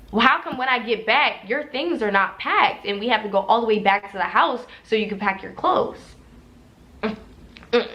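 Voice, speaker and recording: A woman's voice: on the high side, bright, forceful tone. A young woman heatedly retelling a personal story, swearing and quoting what others said.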